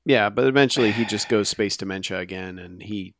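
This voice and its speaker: A man's voice: fairly low pitch, brisk, no room sound, clean studio sound. A man co-hosting a casual podcast, adding wry, jokey asides to a movie recap. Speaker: podcast co-host.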